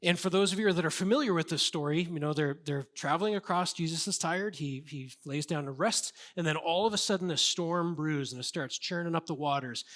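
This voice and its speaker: High-voiced man preaching a sermon. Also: fairly quick, few pauses, fairly bright tone. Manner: conversational, earnest preaching with casual fillers. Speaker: pastor.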